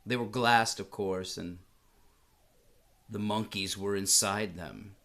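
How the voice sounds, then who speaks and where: A middle-aged man telling a comic story in a deadpan, mock-solemn, formal way. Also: on the low side, takes it slowly, vocal fry. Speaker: comedian.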